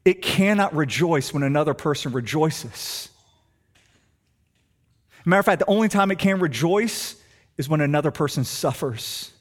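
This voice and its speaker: A middle-aged man, preaching a sermon and telling stories, swinging between hushed and emphatic delivery. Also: a little high, moderate pace, pauses often. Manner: animated storytelling, shifts between hushed and emphatic. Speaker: pastor.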